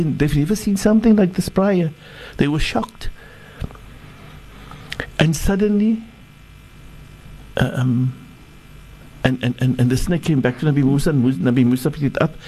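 Male sheikh, sermon storyteller, warm tone, somewhat high voice, halting restarts. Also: rough recording. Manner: halting, repeats words while searching.

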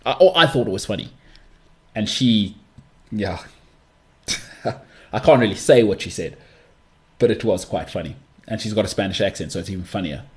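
A man's voice: fairly low pitch, animated, moderate pace, long pauses. A young man hosting a solo podcast, talking in a chatty, rambling way with mocking asides. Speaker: podcast host.

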